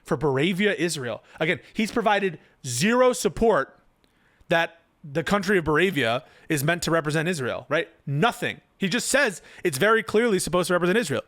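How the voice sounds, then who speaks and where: A man's voice: a little high, expressive, moderate pace, fairly bright tone, no echo, clean studio sound. Incredulous man with a raised voice. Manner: incredulous, sarcastic rebuttals. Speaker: political commentator. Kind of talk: reaction commentary on a written post.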